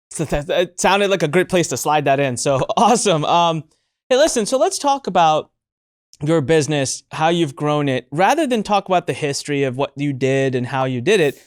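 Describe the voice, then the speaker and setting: A man hosting a podcast, energetic and upbeat, interviewing a guest and speaking directly to his listeners. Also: on the high side, clear, resonant tone, no room sound, studio quality. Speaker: podcast host.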